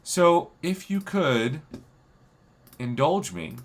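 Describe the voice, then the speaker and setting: A hoarse man hosting a casual livestream, upbeat and thanking his viewers. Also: medium pitch, animated, unhurried, pushed and bright. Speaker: livestream host.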